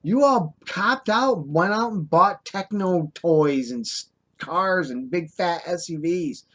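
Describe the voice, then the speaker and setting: Speaking slowly in a high-pitched, fairly bright voice, this older man from the United States scolds his camera audience with passion. He's a vlogger on a rant, and he drawls his sarcastic asides.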